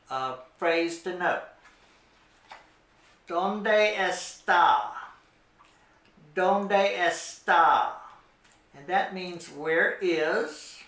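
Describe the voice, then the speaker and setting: A patient middle-aged man leads a children's Spanish lesson, speaking extremely slowly and repeating every word. His voice sits slightly high. The recording has a noticeably echoey room sound. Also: a bit bright. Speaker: Spanish teacher. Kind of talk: slow children's language lesson.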